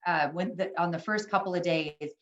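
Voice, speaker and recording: A woman's voice: fairly low pitch, steady tone, moderate pace, echoey room, muffled recording. An older woman co-presenting an online workshop, telling a family story earnestly, with many ums and restarts. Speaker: webinar co-presenter. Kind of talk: casual storytelling to an online audience. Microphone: video call.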